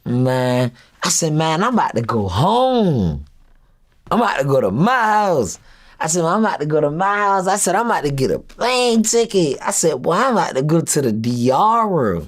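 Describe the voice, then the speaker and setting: A man's voice: on the high side, moderate pace. Young guy in an interview, telling a story, acting out the quotes, voice jumping all over. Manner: animated retelling, acts out quoted dialogue. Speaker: rapper being interviewed.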